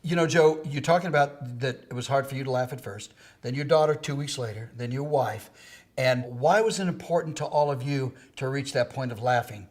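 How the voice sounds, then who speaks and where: A man's voice: mid-range voice, a little fast, a little mellow. Man interviewer, prompts with light teasing questions. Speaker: interviewer host. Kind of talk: conversational interview.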